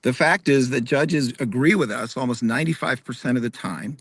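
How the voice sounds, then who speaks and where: A man's voice: medium pitch, fairly quick, husky, no room sound. A man speaking as a candidate at an online forum, confidently defending his record and asking rhetorical questions. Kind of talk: debate answer. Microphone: video call.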